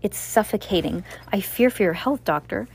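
A woman's voice: mid-range voice, lively intonation, normal speed, creaky, a little mellow, breathy edge. A woman voicing a nervous, timid housekeeper who speaks in a pleading way.

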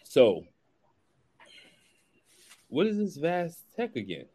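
A man, hosting a casual chat, telling lively stories in slang and acting out the dialogue. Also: fairly high pitch, slow. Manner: animated storyteller who acts out dialogue, slangy. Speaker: podcast host.

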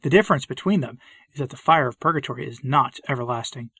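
A man's voice: mid-range voice, quick pace, pushed and bright, slightly rough, no echo. A man preaching a solemn sermon, reading it with impassioned pleading.

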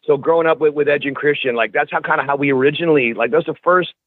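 A man's voice: fairly high pitch, very fast, dry recording. Profane man on a tinny line. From Canada. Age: 40s. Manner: profane, animated, restarts words. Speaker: podcast guest, wrestler. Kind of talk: casual storytelling chat.

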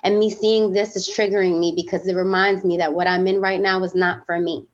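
A woman's voice: lowish voice, flat delivery, fairly quick, highs cut off. A woman guest on a podcast, talking candidly and with feeling, with lots of fillers. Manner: heartfelt, emphatic, many fillers.

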